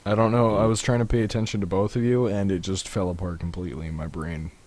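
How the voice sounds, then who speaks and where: Low-voiced joking podcast co-host. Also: male voice, steady tone, fast talker, crowd noise. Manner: teasing, joking banter. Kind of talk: casual podcast chat.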